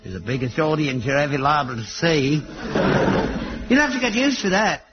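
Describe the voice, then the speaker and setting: A man's voice: a little high, big pitch swings, moderate pace, dull audio, faint music behind. An actor playing a stubborn, mocking old father, delivering dry sarcastic jabs in a sitcom. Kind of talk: sitcom acting.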